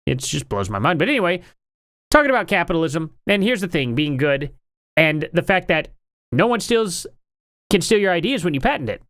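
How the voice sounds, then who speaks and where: Lively, rambling male commentator. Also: a little high, fairly quick, no room sound, clean studio sound. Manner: rambling, opinionated and incredulous. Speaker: online commentary streamer. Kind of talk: casual commentary.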